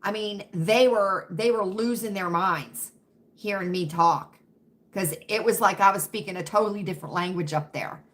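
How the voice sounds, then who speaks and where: At a moderate pace and in a mid-range, somewhat bright voice, this Virginia livestream host with a faint Southern accent reads chat and talks casually with her viewers. She frequently checks in by asking "right?" or "you know what I mean?".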